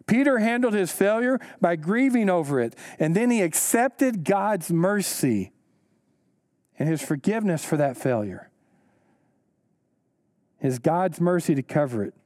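A pastor preaching a sermon, earnest and emphatic, repeating key lines slowly for weight. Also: male voice, very animated, darkish tone, no echo, studio quality. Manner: rises in pitch when stressing a point.

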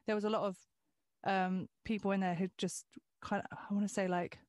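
A woman's voice: medium pitch, level tone, fairly quick, a little mellow, no room sound, clean studio sound. A woman hosting a podcast in casual chat, talking freely with frequent restarts and the odd swear word. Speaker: podcast host.

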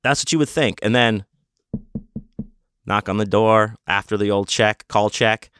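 A man's voice: fairly low pitch, measured pace, a bit bright, clean tone, no room sound, clean studio sound. A man telling a casual, rambling story full of swearing, fillers and restarts.

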